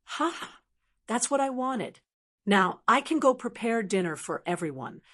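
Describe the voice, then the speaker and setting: A woman's voice: fairly high pitch, sing-song, measured pace, fairly bright tone, heavily acted. A woman voicing a cheerful man who is happy to go cook a feast. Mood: jovial. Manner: jovial.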